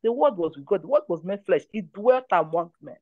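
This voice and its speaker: A woman's voice: on the low side, expressive, brisk, dry recording, highs cut off. A woman leads a prayer line, giving testimony and exhortation in an emphatic, repetitive way. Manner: emphatic, repeats phrases.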